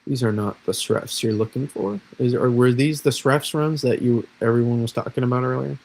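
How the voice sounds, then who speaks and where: A man's voice: mid-range voice, steady tone, brisk, creaky, darkish tone, poor audio. A man from Massachusetts, an amateur weatherman, rambling casually through forecast models on a livestream. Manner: rambling, self-deprecating, restarts often. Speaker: weather streamer.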